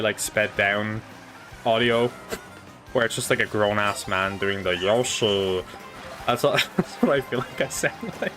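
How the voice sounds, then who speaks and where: A young man chatting casually while playing a racing game live, rambling and swearing now and then, on a desk microphone. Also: lowish voice. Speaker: streamer. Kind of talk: casual live gameplay chat.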